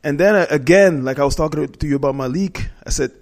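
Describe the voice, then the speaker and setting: A man's voice: a little high, fast talker. A middle-aged man telling a heartfelt personal story as a guest in a conversation, talking earnestly and often restarting and correcting himself.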